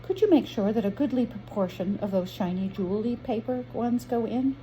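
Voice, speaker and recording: An earnest, old-fashioned young boy from a storybook, coaxing and a little anxious, as a woman reading aloud puts him on. His voice sits higher than the reader's own, with a warm softness. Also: animated, a little fast, a little hiss or hum, natural voice, low-quality recording. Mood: pleading.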